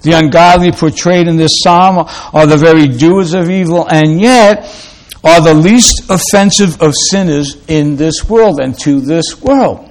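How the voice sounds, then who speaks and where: Slow, deliberate male preacher. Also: a little high. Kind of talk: sermon.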